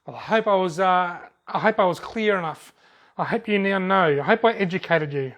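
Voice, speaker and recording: A man's voice: high voice, moderate pace, fairly bright tone. A man with an Australian accent, joking and laughing as he reads out viewer comments on his fishing videos. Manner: jokey, laughs often, drawls words out. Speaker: fishing channel host. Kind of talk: casual chat reading out comments.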